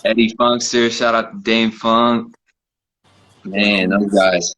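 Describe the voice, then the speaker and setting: Laid-back low-voiced man, casual chat. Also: steady tone, slow, fairly bright tone, low-quality recording. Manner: laid-back, laughs often, many fillers. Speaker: host. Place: living room.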